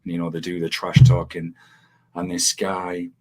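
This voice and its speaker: A man's voice: sits low, monotone, a little slow, a little mellow, a little hiss or hum. A man hosting a casual chat, rambling with many fillers and frequent laughter. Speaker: podcast host.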